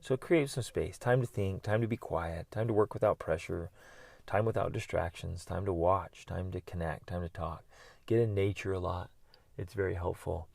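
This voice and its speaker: This is a middle-aged man talking on his own podcast with a low, gravelly voice. He coaches in an earnest, encouraging way. The sound is dry and close, with no room around it. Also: normal speed, no echo. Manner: earnest and encouraging, with bursts of loud yelling. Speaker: podcast host and life coach. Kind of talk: motivational solo talk.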